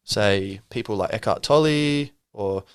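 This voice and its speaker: Low-voiced man musing aloud. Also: unhurried, clear, resonant tone, no echo, clean studio sound. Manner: rambling, thoughtful, many fillers and restarts. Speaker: podcast host. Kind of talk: reflective solo monologue.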